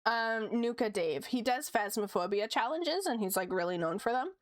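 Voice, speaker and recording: Casting: young woman streamer, high voice, chatty and giggly, dry close mic. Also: expressive, moderate pace, dry recording. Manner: giggly, chatty, reads chat aloud. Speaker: art streamer. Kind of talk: casual stream chat.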